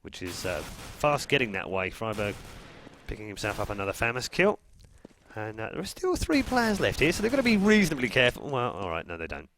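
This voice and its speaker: A man's voice: on the low side, big pitch swings, fairly quick, fairly bright tone, slight background noise. A man from England casting a live esports match, chatty and joking with his co-caster, his throat getting sore.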